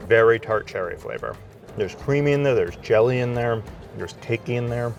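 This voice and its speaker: A man from the United States in his thirties, chatting excitedly and casually while tasting pastries on city streets, swearing now and then. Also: mid-range voice, normal speed, faint music behind. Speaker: food vlogger. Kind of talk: casual food vlog. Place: streets and bakeries of a city, outdoors.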